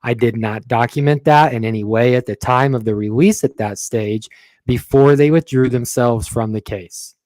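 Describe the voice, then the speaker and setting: A man reading the part of a police detective giving courtroom testimony in formal, measured, apologetic answers. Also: medium pitch, darkish tone, no room sound, lightly acted. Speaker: reader in a transcript read-through.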